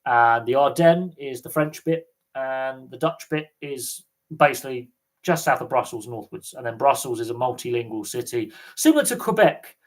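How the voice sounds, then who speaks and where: British guy on a livestream q&a, casual rambly chat, lots of ums, average pitch. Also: animated, normal speed. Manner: rambling, chatty, many fillers. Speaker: livestream host.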